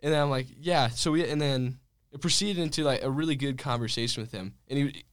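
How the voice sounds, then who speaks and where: A man's voice: medium pitch, quick pace, clean tone, dry recording, studio quality. A young man co-hosting a podcast, telling stories in an easygoing, affirming way. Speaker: podcast co-host. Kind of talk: casual chat.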